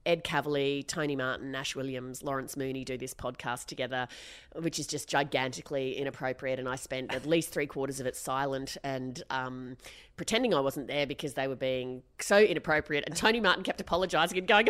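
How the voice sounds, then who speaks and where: A woman's voice: a bass voice, brisk. A woman, co-hosting a podcast in casual chat and telling stories with a lot of laughter. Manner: animated storytelling, laughs often. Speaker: podcast co-host.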